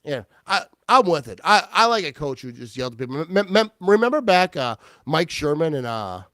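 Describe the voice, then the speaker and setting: A man hosting a casual football talk show, his voice smooth and a touch high. He gets excitable, laughs often and restarts his sentences. The sound is dry and close. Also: normal speed, no echo. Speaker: podcast host.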